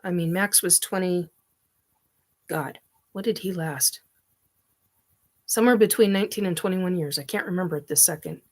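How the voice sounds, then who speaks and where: A woman's voice: lowish voice, moderate pace, pauses often. A middle-aged woman hosting a casual live chat, rambling with many ums and laughs as she reads viewer comments. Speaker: livestream host.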